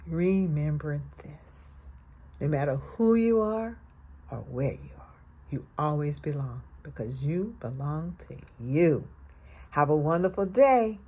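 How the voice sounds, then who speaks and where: A woman hosting storytime, reading a children's picture book aloud in an expressive, gentle and encouraging way. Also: deep voice, breathy edge. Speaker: storyteller host.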